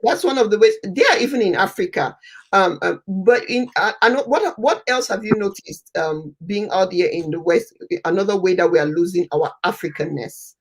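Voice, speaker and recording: Lively, incredulous woman co-host. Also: mid-range voice, breathy edge. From Nigeria. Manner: lively, incredulous, quick to agree. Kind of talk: casual chat.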